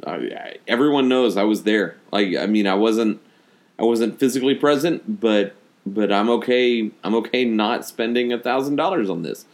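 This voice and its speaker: A young man co-hosting a casual podcast, talking in halting, stop-start phrases. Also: lowish voice. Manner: hesitant, halting, laughs often. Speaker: podcast co-host. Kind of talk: casual chat.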